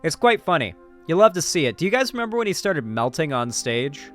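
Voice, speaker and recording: Youtube commentary guy reading the news, snarky and cussing, kinda high voice, faint music behind. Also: very animated, brisk, fairly bright tone. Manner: sarcastic, swears freely, trails off mid-sentence.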